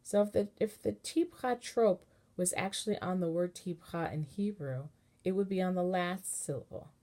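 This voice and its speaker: A woman cantor giving a relaxed, patient lesson on chanting, explaining step by step and singing short chanted examples. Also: lowish voice, moderate pace. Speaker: cantor teaching Torah chanting. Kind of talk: informal online lesson with sung examples.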